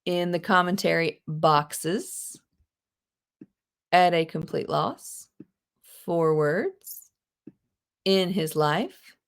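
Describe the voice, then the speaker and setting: Chatty teacher on a video call. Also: female voice, lowish voice, very slow, creaky, long pauses, clean tone. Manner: lively, chatty, gasps with delight, quotes movie lines in put-on voices. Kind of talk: live online class, casual teaching.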